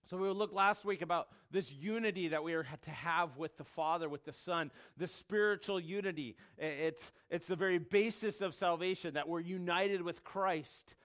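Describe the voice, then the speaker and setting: A man's voice: sits high, normal speed, hardly any pauses, a bit bright. A man preaching a sermon, emphatic, repeating key words and dropping his voice when quoting scripture. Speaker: pastor.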